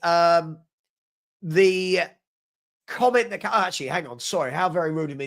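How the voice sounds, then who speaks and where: A man's voice: a little high, normal speed, fairly bright tone. A man hosting a casual live-stream fan chat, reading viewer comments in a playful, teasing way while he has a cold. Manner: chatty, playful, teasing, repeats himself.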